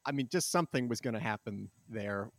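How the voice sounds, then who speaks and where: A man hosting a podcast in a casual conversation, talking thoughtfully and pausing to search for words. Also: lowish voice, lively intonation, a bit bright, no room sound, clean studio sound. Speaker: podcast host.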